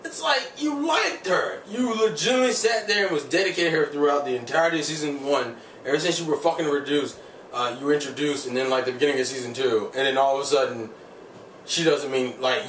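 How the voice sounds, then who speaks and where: Talking fast in a fairly bright, mid-range voice, a male vlogger tears into an episode with a casual, cursing rant stuffed with "like." It's loose and rambling. The mic sits far off, so the audio sounds roomy with faint background ambience.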